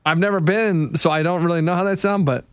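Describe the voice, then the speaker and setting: A man's voice: high-pitched, steady tone, fast talker, clean tone, dry recording, clean studio sound. A man co-hosting a podcast, chatting casually in a rambling, self-interrupting way. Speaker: podcast co-host. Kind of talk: casual banter.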